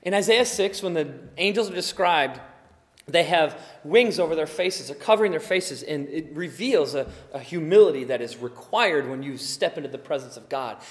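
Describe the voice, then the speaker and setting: A man preaching a sermon, emphatic, swinging between quiet explanation and loud exclaiming. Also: fairly high pitch, lively intonation, moderate pace. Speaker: pastor. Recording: long hall reverb.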